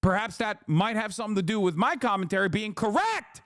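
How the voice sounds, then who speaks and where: A man's voice: high-pitched, big pitch swings, fairly quick, fairly bright tone, no room sound, studio quality. Heated, profane male stream commentator. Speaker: livestream commentator. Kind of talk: casual political commentary.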